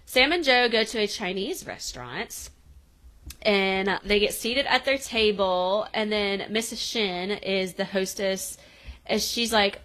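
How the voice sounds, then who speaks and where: A woman's voice: mid-range voice, slow, fairly bright tone. A woman co-hosting a podcast, casually retelling a TV episode scene by scene and acting out the characters' lines with laughs. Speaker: podcast co-host. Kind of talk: casual recap chat.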